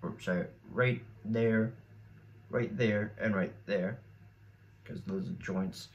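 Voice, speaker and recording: A teenage YouTuber rambles through relaxed solo commentary, restarting often while weighing each choice. His voice is fairly low and slow, and the recording has its highs cut off.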